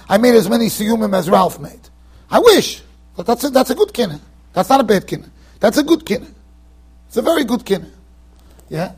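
A man with a Yeshivish American accent giving a lively Torah lecture in a yeshiva study hall, acting out his examples with sudden shouts. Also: very high voice, breathy edge. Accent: American Orthodox Jewish, Yeshivish. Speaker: rabbi giving a Torah class.

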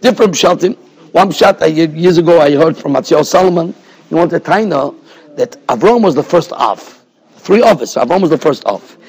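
A man's voice: fairly high pitch, expressive, normal speed, darkish tone, husky. A man, a rabbi giving a Torah class in a yeshiva, explaining points in a discursive way and often checking in with "right?". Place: yeshiva study hall.

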